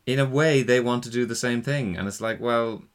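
A man's voice: medium pitch, normal speed. A man in casual comedic chat, rambling and wry. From Ireland.

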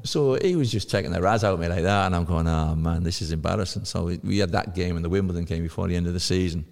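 Man, 50s, very deep voice, gravelly, animated storyteller, reverberant room. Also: racing. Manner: lively storyteller who acts out quoted voices. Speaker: podcast guest, former footballer. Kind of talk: anecdotal podcast chat.

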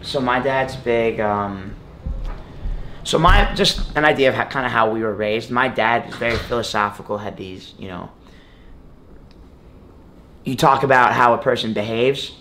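A man's voice: medium pitch, measured pace, pauses often, bright, forceful tone, a little hiss or hum. A young man talking casually as an interview guest, rambling with lots of fillers. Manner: rambling, many fillers like "like" and "you know". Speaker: guest, college wrestler.

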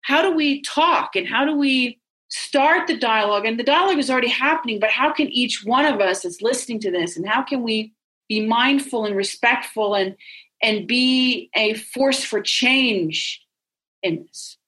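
A woman's voice: on the high side, moderate pace, a bit bright. A woman in a casual discussion, reflecting thoughtfully and raising open questions.

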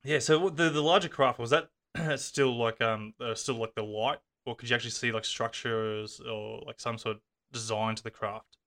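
A man's voice: mid-range voice, fairly even intonation, normal speed, a bit bright. A man interviewing a guest, asking questions in a hesitant way full of fillers.

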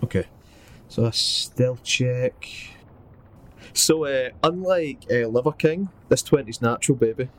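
A man's voice: mid-range voice, unhurried. A man, chatting playfully as a tabletop player. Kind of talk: casual tabletop game chat.

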